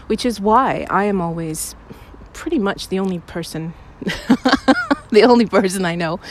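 Speaking in a lowish voice with slight background noise, a young woman who makes audios rambles to her listeners outside. Her casual chat is self-deprecating and full of fillers.

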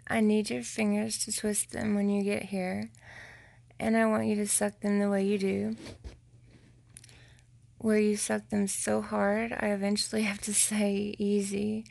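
Slow, gravelly-voiced woman in an intimate message. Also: completely flat delivery, darkish tone, no echo. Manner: slow, low-key and teasing, slipping into whispers. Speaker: partner sending an intimate voice message.

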